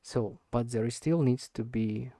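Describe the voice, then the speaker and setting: A man records himself practicing spoken English, speaking slowly and stressing certain words. His voice is mellow and gravelly, with a dry, close sound. He hesitates often and repeats words while he hunts for the right one. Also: medium pitch, no room sound. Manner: deliberately slow with stressed words. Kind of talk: unscripted speaking practice monologue.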